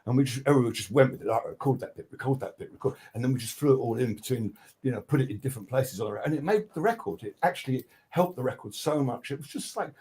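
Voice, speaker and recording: An older man, a guest record producer, tells casual studio anecdotes in a mid-range voice, talking rapid-fire with hardly any pauses. He is animated, swears freely, and acts out what people said, restarting his sentences often and using many fillers.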